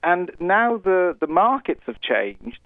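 A Welsh man talks over a dull, muffled phone line as a radio guest. His voice sits a bit high, and he rambles cheerfully, mocking himself and laughing as he goes. The sound is dry, with no room around it. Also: sing-song, takes it slowly, no echo. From Wales. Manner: chatty, self-deprecating, laughs often. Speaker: film director guest. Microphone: phone call.

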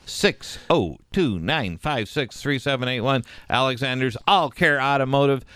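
A man's voice: medium pitch, animated, measured pace, a bit bright, no echo. A male radio host leading casual banter and reading a sponsor plug in a joking manner. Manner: joking, teasing, reads ad copy.

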